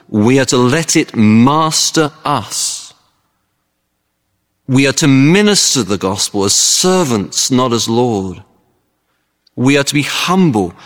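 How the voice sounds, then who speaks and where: A male preacher delivers a sermon conversationally. He tells lively stories, and his pitch rises and falls widely. The voice sits mid-range, and a long reverb rings around it as in a large hall. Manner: conversational, animated storytelling with acted-out voices.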